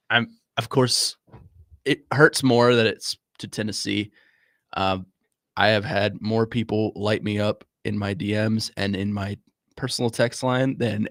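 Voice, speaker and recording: A young man co-hosting a sports radio show, talking in a halting, emotional way and stumbling over his words. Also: fairly low pitch, a bit bright, no echo, studio quality. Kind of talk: casual sports talk.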